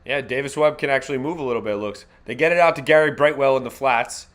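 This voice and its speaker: A man hosting a live fan reaction stream, calling the game play by play in a casual, wisecracking way with slang and quick self-corrections. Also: mid-range voice, a bit bright.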